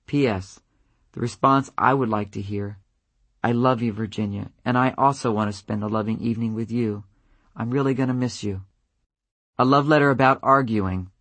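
A man's voice: medium pitch, no echo. Man reading in a dry, close voice. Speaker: audiobook reader. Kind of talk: scripted narration of example letters.

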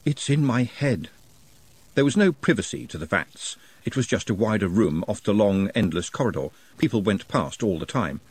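A man narrating an audiobook in an expressive, wry manner, recorded close to the mic. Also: lowish voice, brisk, hardly any pauses, breathy edge. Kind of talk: scripted narration.

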